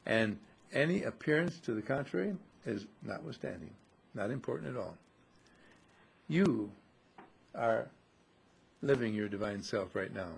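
A man giving a slow, musing spiritual teaching to a group, repeating and correcting himself and acting out his listeners' voices. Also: mid-range voice, vocal fry, breathy edge. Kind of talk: metaphysical teaching talk to a group.

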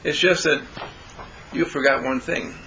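A man voicing a calm, confident male dog trainer who speaks firmly and instructively. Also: mid-range voice, unhurried, slight background noise, low-quality recording. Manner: firm, instructive.

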